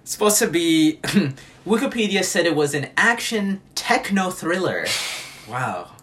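A man's voice: high-pitched, unhurried. A man co-hosting a podcast, chatting casually and sarcastically about bad movies. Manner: sarcastic, animated storytelling. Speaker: podcast co-host. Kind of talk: casual movie review chat.

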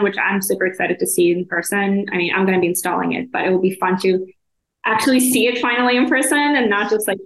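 A woman's voice: mid-range voice, reverberant, rough recording. A woman from Israel, a guest at an arts council, chatting casually and laughing often in an interview.

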